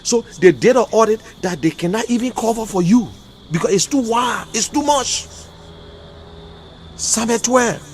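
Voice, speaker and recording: A Liberian man delivering an emotional, repetitive political rant as a commentator, swinging between loud outbursts and quiet, subdued stretches. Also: high voice, expressive, moderate pace, a little hiss or hum. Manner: emotional, repetitive, rising and falling intensity. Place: in America.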